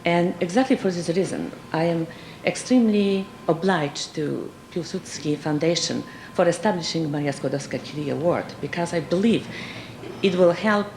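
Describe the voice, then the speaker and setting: A woman from Poland with a Polish accent, giving an earnest, gracious acceptance speech at an awards dinner, pausing often and adding light humor. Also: deep voice, vocal fry. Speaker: award recipient and scientist. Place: large dinner hall. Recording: echoey banquet hall with loud background noise.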